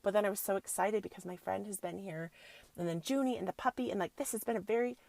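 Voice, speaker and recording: Woman podcast host, gravelly fry in her voice, dry close sound, chatty storytelling w/ spiritual pep talk bits. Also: medium pitch, fast, no room sound. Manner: animated, spiritual affirmations to listeners. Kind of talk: casual storytelling monologue.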